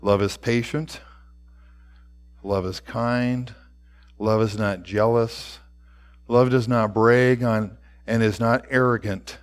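Male preacher giving a sermon, slow and measured, phrases fade out soft. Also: mid-range voice, steady tone. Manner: slow, deliberate delivery with soft trailing phrase endings; reads scripture aloud.

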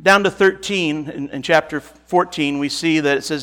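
A man's voice: a little high, normal speed, hardly any pauses, fairly bright tone. A man preaching to a congregation, reading scripture aloud and then speaking in an earnest, emphatic and conversational way. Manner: earnest and emphatic, repeats phrases eagerly; casual, conversational asides. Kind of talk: sermon to a congregation.

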